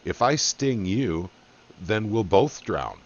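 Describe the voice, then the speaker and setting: A man's voice: on the low side, animated, slow pace, full character voice. A man doing a sly fable scorpion. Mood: coaxing. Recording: dull lo-fi audio.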